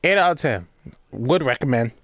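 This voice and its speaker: A man's voice: medium pitch, animated, moderate pace, fairly bright tone. A man casually reviewing a movie in one take, rambling with lots of fillers and frequent swearing. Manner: rambling, profane, fillers and restarts.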